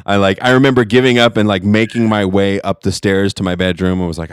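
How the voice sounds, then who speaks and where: A man's voice: on the low side, fairly quick, dry recording, clean studio sound. A middle-aged man co-hosting a podcast, rambling through a casual story with lots of laughing and swearing. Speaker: podcast co-host.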